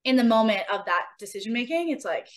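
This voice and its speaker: A woman who is both an athlete and a sports podcast co-host chats casually in a slightly high voice, quick and lively. She speaks earnestly and motivationally, repeating phrases for emphasis.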